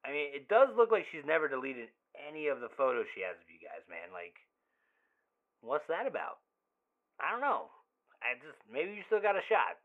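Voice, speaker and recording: A man's voice: a little high, wildly swooping pitch, moderate pace. An actor playing an obsessive young man who leaves rambling, swearing, overly familiar voicemails in an audio drama. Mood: agitated. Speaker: caller leaving voicemails. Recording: tinny phone-line voicemail.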